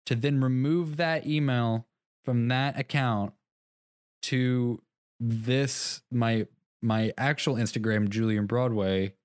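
A man's voice: mid-range voice, takes it slowly, clean tone, no room sound, clean studio sound. A young man co-hosting a podcast in casual chat, rambling through a story, restarting his sentences and laughing at himself. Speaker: podcast co-host.

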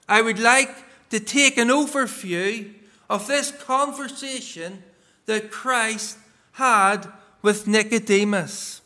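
A male preacher giving a sermon in a measured, emphatic way, reading scripture aloud and stressing key words. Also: very high voice, pushed and bright. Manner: reads scripture passages aloud.

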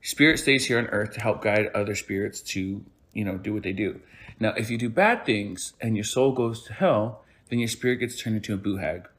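A man's voice: fairly low pitch, normal speed, a bit bright. A man hosting a podcast, telling a folk tale in a rambling, playful way. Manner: rambling, self-correcting, playful. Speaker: podcast host. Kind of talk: casual storytelling.

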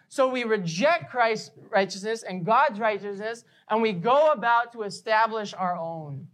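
A woman pastor delivers a sermon in a fairly high voice. She preaches with emphasis and slows down to repeat key phrases.

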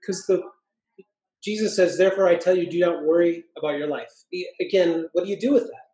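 A pastor co-hosting a church podcast talks casually in an echoey room, his high voice animated. He thinks aloud with restarts and slows down for emphasis when quoting scripture.

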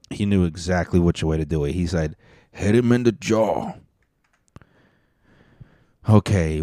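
Man hosting reaction videos, low mellow voice, blunt and profane, close dry mic. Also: dry recording. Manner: blunt, profane, sarcastic asides. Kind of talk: casual reaction commentary.

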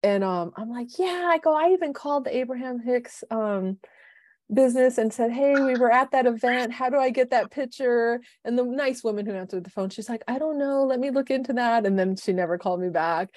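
A woman in her fifties, co-hosting a podcast as a life coach, telling stories with lively quoted voices. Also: fairly high pitch, brisk, no room sound. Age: 50s. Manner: animated storyteller, acts out quoted voices. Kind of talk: casual chat. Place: home, city.

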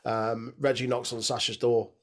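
A man hosting a casual podcast, recapping a wrestling show with lots of swearing and high laughing outbursts, on a desk mic with headphones. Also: little pitch movement, moderate pace. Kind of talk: casual chat.

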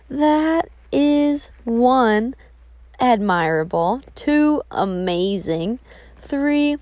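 Young woman podcaster, slow and candid with a higher voice, dry close sound. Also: lively intonation, a little mellow, no room sound. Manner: candid, rambling with restarts. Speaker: podcast host. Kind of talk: personal reflective monologue.

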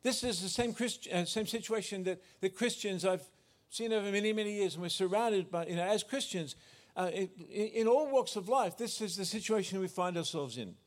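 A man's voice: high voice, brisk, hardly any pauses. A man preaching a sermon as pastor, earnest, often restarting and correcting himself.

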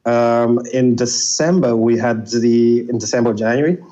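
A man's voice: mid-range voice, normal speed, mellow. A man from Zimbabwe, telling stories as an interview guest in a casual, chatty way, often saying "you know". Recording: slightly dull lo-fi audio.

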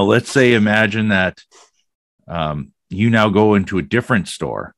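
Very deep-voiced rambling male host. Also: a bit bright, dry recording, clean studio sound. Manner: rambling, frequent fillers. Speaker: podcast host. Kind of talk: casual conversation.

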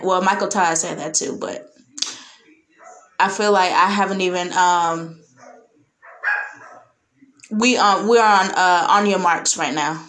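A woman on a podcast telling a personal story in a blunt, animated, casual way, with Southern US slang. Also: fairly low pitch, poor audio. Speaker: podcast guest.

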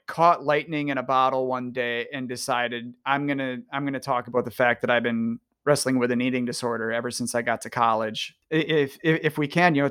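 A man hosting a podcast in a casual, playful way, gushing with enthusiasm. He often restarts his sentences as he talks. His pitch sits in a middle range. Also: a bit bright, clean tone. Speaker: podcast host. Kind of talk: casual interview chat.

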